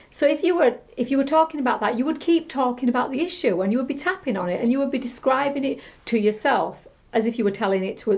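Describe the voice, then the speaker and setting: A woman teaching a tapping technique, calmly repeating example phrases as she explains. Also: on the high side, highs cut off. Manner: calm, repetitive, demonstrates scripts aloud. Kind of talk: instructional talk to camera.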